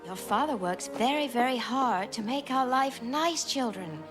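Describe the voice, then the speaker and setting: A woman's voice: a little high, lively intonation, unhurried, over music. A stern mother, fake American accent. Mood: lecturing. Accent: put-on American. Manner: scolding. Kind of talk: animated film voice acting.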